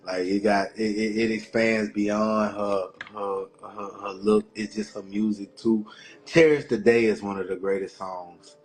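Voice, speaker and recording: A man's voice: lowish voice, little pitch movement, unhurried, faint music behind. A man co-hosting a podcast, talking in a laid-back, slangy way and often repeating himself. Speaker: podcast co-host. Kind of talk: casual chat.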